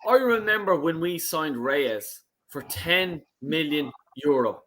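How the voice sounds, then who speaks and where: A man's voice: on the high side, lively intonation, takes it slowly, fairly bright tone, a little hiss or hum, poor audio. A man on a football fan stream who cuts in eagerly to agree and add a memory. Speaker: football podcast panelist. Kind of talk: casual chat on a live stream.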